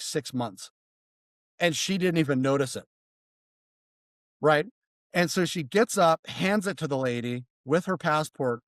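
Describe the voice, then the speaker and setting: Male podcast guest, casual storyteller, slightly high, dry close sound, lively and profane. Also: no echo. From United States. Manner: animated, swearing, mimics voices in quotes.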